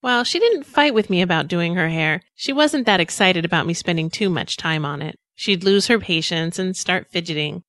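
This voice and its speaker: A woman's voice: on the low side, animated, moderate pace, hardly any pauses, a bit bright, no room sound. A woman in her thirties hosting a parenting podcast, reading friendly scripted narration.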